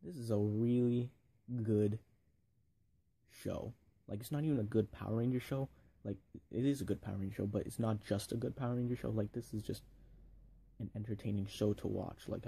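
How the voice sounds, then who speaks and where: A man's voice: lowish voice, vocal fry, warm tone, husky. A young man giving a casual, rambling video review, full of fillers and enthusiasm.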